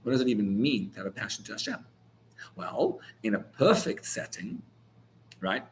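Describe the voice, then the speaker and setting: A man's voice: on the low side, very animated, normal speed, a little hiss or hum. A man, a rabbi, giving an informal Torah class in a searching, conversational way, full of restarts, that builds to heated emphasis on key words.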